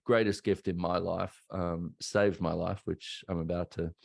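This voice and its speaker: Australian male podcast host, thirties, very deep voice, dry studio sound, open and conversational storytelling. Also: little pitch movement, unhurried, creaky, no echo. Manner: candid, conversational, acts out quoted voices. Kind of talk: reflective personal storytelling.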